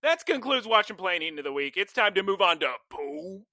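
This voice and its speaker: A man's voice: high-pitched, very animated, fairly quick, sharp tone, no room sound. Young male podcast co-host, chatty storyteller, dry close sound. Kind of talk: casual chat.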